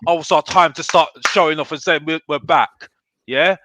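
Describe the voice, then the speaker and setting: Fired-up man with a bright, dry voice. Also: a little high, moderate pace, dry recording. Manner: emphatic, keeps asking "yeah?"; blunt and fired up. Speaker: football fan pundit guest. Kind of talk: casual debate chat.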